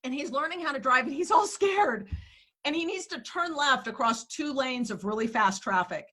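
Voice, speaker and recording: A woman in her forties, a real estate agent and coach, telling stories in a lively, profane, laughing way from her office in a casual interview. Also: sits high, normal speed. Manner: animated, profane, laughing storyteller.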